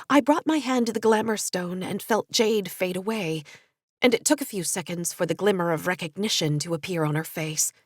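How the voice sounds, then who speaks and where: A woman narrating an audiobook in an expressive, lively reading. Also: fairly low pitch, moderate pace, no echo, clean studio sound. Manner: expressive, lively character voicing. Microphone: studio USB microphone.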